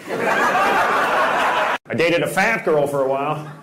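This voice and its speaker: Deadpan stand-up comic, slightly high voice. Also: male voice, takes it slowly, rough recording. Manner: deadpan one-liner delivery; crowd work, teasing the audience. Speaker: stand-up comedian. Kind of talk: stand-up comedy set. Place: comedy club stage. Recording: loud noise over a live stage recording.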